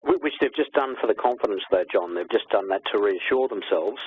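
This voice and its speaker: A man's voice: lowish voice, animated, slightly rough. A man, co-presenting a teaching webinar and chiming in with short remarks. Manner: adds quick remarks and asides. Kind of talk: conversational webinar discussion. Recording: tinny phone-like webinar audio.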